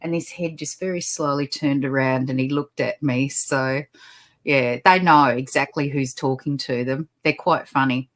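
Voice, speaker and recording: A woman, a guest on a podcast, describing her work talking with animals in a lively, upbeat manner. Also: extremely low pitch, normal speed. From Australia. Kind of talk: podcast interview. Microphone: video call.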